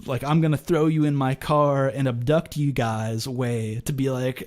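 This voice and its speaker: A man hosting a podcast, telling stories in a casual, animated way, full of "like" and laughter. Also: medium pitch, normal speed, few pauses. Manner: animated storyteller, lots of "like" and laughs. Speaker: podcast host. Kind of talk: casual chat.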